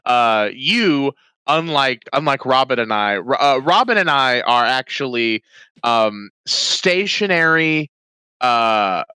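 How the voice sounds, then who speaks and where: Slow, animated man from South Texas. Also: medium pitch, smooth, no echo. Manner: joking, rambling, trailing off with fillers. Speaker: podcast co-host. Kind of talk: casual comedic chat.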